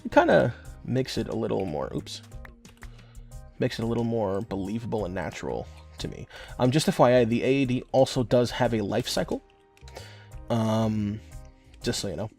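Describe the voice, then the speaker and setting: A man's voice: on the low side, normal speed, gravelly, long pauses, darkish tone, soft background music. A young man giving rambling, joking gameplay commentary as a gaming channel host. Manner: rambling, joking, filler-heavy. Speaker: gaming YouTuber.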